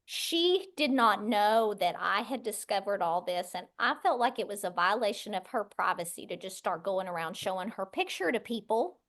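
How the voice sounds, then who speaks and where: A middle-aged West Texas woman, appearing as a podcast guest, tells her story and does animated voices for the people in it. She speaks at a medium pitch and moderate pace with few pauses.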